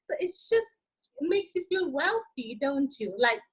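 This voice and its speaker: A woman's voice: high-pitched, sing-song, a little slow, low-quality recording. A woman guest coach chatting enthusiastically in an interview, sprinkling in "like" and tag questions. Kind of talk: casual interview chat.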